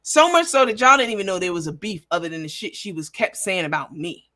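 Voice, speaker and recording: Woman livestream host, brash and profane, bright cutting tone. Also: lowish voice, lively intonation, quick pace. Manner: brash and profane, talks straight to viewers. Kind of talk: casual livestream chat.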